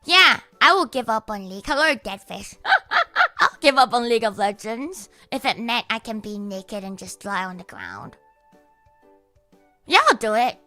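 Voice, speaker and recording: Young woman streamer, sweary and rambling, very lively pitch, dry close mic. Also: normal speed, dry recording, faint music behind. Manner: rambling, filler-heavy, swearing, giggly. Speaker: livestreamer. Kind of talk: casual stream chat.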